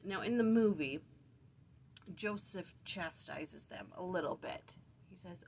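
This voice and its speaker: A woman's voice: fairly low pitch, takes it slowly, vocal fry, darkish tone, slight background noise. Chatty woman retelling scripture casually. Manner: chatty, self-correcting, acts out quotes playfully. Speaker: scripture study vlogger.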